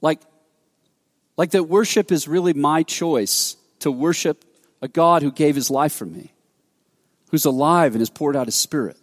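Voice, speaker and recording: Male pastor, lively sermon storytelling, slightly high voice, long church-hall reverb. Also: unhurried, pauses often. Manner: animated, acts out quoted dialogue, frequent restarts.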